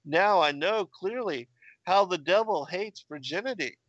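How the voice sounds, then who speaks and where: A man reading the lines of a young woman praying in captivity, in a plain, measured way. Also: high voice, animated, fairly bright tone, no echo, lo-fi sound, pitched above the performer's own voice, full character voice. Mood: pleading.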